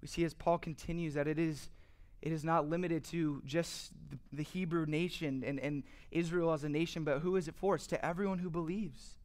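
Earnest preaching man, slightly high voice. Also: steady tone, brisk. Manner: earnest preaching, rhetorical questions; builds in energy, emphatic. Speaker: pastor. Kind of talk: sermon.

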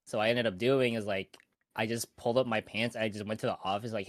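A man's voice: fairly low pitch, fairly even intonation, fast, no echo. A young man telling a story on a casual podcast, rambling with lots of restarts. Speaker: podcast co-host.

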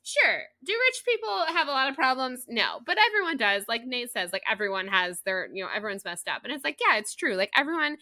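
A woman co-hosting a podcast, talking casually and at length about a book, with lots of fillers and a rambling, animated delivery. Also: on the high side, fairly quick, few pauses, no room sound. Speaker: podcast co-host.

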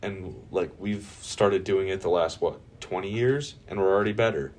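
A young man hosts a podcast in a casual, jokey manner, swearing freely. His voice is low-pitched and a little mellow, at a normal speed.

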